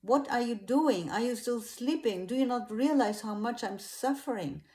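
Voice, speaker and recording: Woman doing a tormented man in prayer, higher and louder than her own voice, pleading, mellow tone. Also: steady tone, unhurried, echoey room. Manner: pleading, sobbing-edged outbursts. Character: anguished grown man praying in agony.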